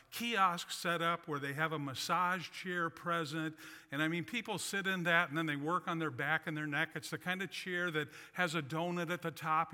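Bright-voiced preacher in a reverberant hall. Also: male voice, fairly high pitch. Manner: folksy, self-deprecating humor. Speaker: pastor. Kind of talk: sermon with personal storytelling. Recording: long reverb of a large hall.

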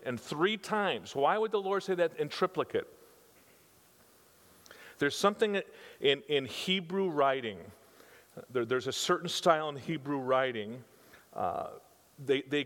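An older pastor delivers a conversational sermon to his congregation, using emphatic repetition and rhetorical questions. His voice sits on the high side and sounds a bit bright. The recording carries reverberant hall sound.

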